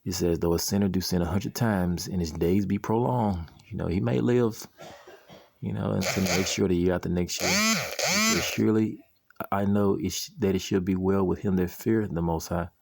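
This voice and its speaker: A man reading scripture verses slowly and commenting on them, often asking "you see?" as he makes his point. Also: low voice, expressive, vocal fry, a little hiss or hum. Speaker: preacher commenting on a video.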